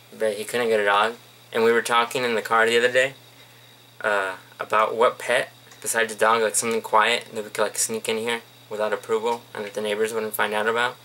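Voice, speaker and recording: A man's voice: on the low side, bright, forceful tone, slight background noise, poor audio. A young man rambling casually and jokingly to the camera in a home vlog. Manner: rambling, offhand, jokey. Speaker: vlogger.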